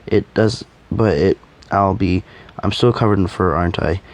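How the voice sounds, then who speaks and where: A man's voice: deep voice, moderate pace. A man voicing a young female beast-woman with a canine face, speaking hesitantly and apologetically in a fan audio drama. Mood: quiet.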